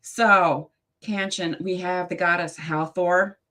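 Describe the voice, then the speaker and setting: Woman, tarot show host, chatty and friendly, a touch low in pitch. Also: steady tone, slow pace, sharp tone. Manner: chatty, friendly, reads cards aloud. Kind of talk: live tarot reading show.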